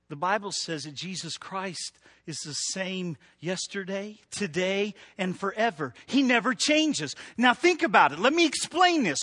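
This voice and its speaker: A middle-aged man preaching a sermon, animated, building to emphatic peaks and dropping soft. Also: high-pitched. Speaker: pastor.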